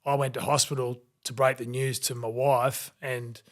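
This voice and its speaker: An Australian man in his forties tells his stories as a podcast guest, his voice at an ordinary middle pitch. He acts out the people he quotes along the way. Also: normal speed. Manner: animated anecdotes, acting out quoted voices. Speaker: guest, former rugby league player. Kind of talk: storytelling in a podcast interview.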